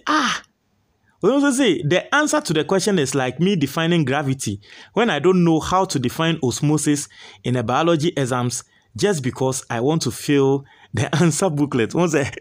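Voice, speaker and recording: A young Ghanaian man reads viewer comments aloud in a loose, casual commentary. His voice sits a little high and swings widely in pitch as he exclaims, and he slips into local pidgin between lines.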